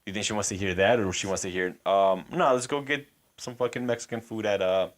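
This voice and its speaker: Deep-voiced male podcast co-host, laid-back, rambling, casual and profane. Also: fairly even intonation, fast talker. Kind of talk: casual chat.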